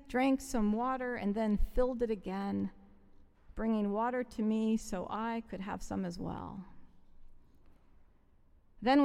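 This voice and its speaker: A woman's voice: on the high side, vocal fry, a little mellow. A woman pastor preaching a sermon as a dramatic first-person story, telling it with theatrical emotion. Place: church sanctuary. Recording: long reverb of a large hall.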